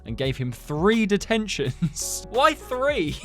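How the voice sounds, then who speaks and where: A man's voice: high-pitched, big pitch swings, slow pace, faint music behind. A young man reading out comments and reacting to them in a casual, sarcastic way, often laughing. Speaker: host.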